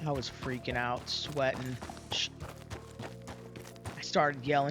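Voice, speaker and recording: A man's voice: mid-range voice, little pitch movement, takes it slowly, pauses often, a bit bright, soft background music. A young man casually telling a roleplay story in a folksy, rambling way with many fillers and restarts.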